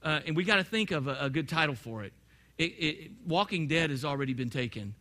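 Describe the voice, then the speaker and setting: A man preaching a sermon, talking straight to his congregation and swinging from quiet, low asides to loud, emphatic points. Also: animated, brisk. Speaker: pastor.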